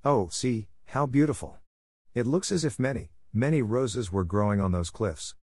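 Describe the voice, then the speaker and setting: A man reading aloud voices an eager, tender little girl with a gentle, wide-eyed manner. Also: mid-range voice, normal speed, breathy edge, dry recording, studio quality, close to an everyday voice. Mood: excited.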